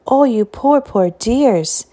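A woman's voice: a little high, animated, slow pace, warm tone, pitched above the performer's own voice. A woman doing a gushing elderly piano teacher. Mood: doting. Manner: fussing, doting, effusive.

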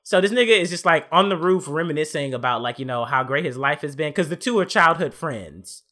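A man's voice: on the high side, fairly quick. A man in casual chat, retelling an anime plot with lots of slang and acting out the characters' lines. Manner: animated storytelling, acts out characters' lines, profane slang. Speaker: podcast co-host recapping an anime.

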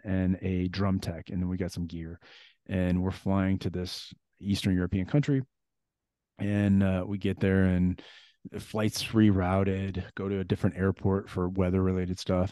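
A man's voice: deep voice, dark tone, no room sound. A man telling a long story from his security work in a casual, frank way, rambling with fillers and restarts.

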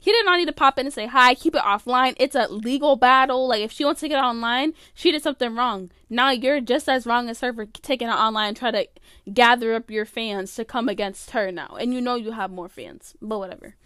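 A woman's voice: fairly high pitch, brisk, sharp tone, clear, resonant tone, dry recording, studio quality. A young woman giving casual, opinionated commentary, rambling with lots of "like" as she goes. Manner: rambling, opinionated, heavy use of "like". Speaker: vlogger.

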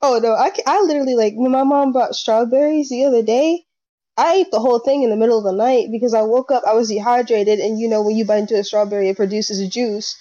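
Animated young woman, mellow voice. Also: fairly high pitch, fast, no echo. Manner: animated storyteller, acts out quotes. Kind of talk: casual chat. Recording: dull lo-fi sound.

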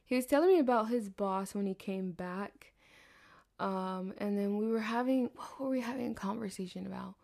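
A woman's voice: mid-range voice, normal speed, gravelly, a little mellow. A young adult woman from the American South telling a rambling story in a chatty monologue, swearing freely and laughing often. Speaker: podcast host.

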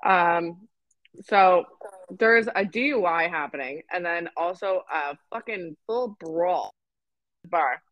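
A woman's voice: on the low side, takes it slowly, no echo, muffled recording. Young woman, Canadian accent, podcast co-host, casual storytelling, laughs and swears a lot, dry close sound. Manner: swearing, laughing, acting out quotes.

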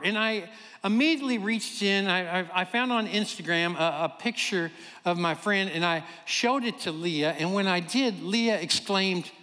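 A high-voiced man from Kentucky preaches in a church hall, his words trailing off in a long reverb. He tells a personal story with animated energy and acts out the voices of the people in it. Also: normal speed.

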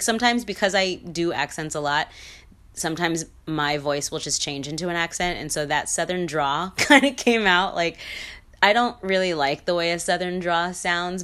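Woman podcast host, lowish voice, casual solo chat, blunt and playful, laughs a lot. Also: a bit bright. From mixed heritage. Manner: chatty, blunt, laughs often, playful sing-song asides.

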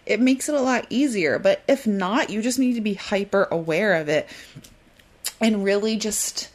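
A woman hosting her own podcast in casual solo talk, a fast, excitable talker who tries to slow herself down. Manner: mimics flustered apologies in a high voice. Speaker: podcast host.

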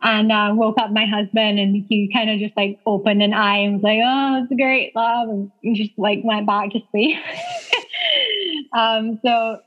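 A woman's voice: medium pitch, level tone, a little slow. A woman in her thirties telling a personal story as an interview guest, chatty, using lots of "like" fillers and laughing often. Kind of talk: casual storytelling. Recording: dull lo-fi sound.

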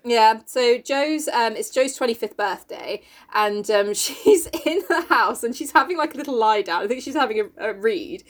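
A woman's voice: a little high, lively intonation, moderate pace, few pauses. A woman, co-hosting a casual chat and recapping a book in a chatty, sweary way, laughing often.

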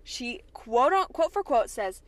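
A young woman from Kentucky hosting a podcast, recapping a TV episode in an excitable, chatty way with plenty of swearing. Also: fairly high pitch, a little slow. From Kentucky, USA. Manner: chatty, profane, excitable retelling. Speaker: podcast host.

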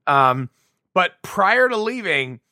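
A man co-hosting a podcast, chatting casually about a movie and excitedly acting out what people said. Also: sits high, slow, no echo, studio quality. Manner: excitable, acts out quotes loudly. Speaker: podcast co-host.

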